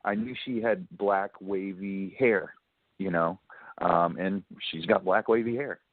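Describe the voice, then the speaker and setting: A man on a radio talk show, telling a story in a chatty, animated way, acting out what people said and laughing often. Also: low-pitched, a little slow, dry recording. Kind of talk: casual phone-in storytelling. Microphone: telephone. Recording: tinny phone line.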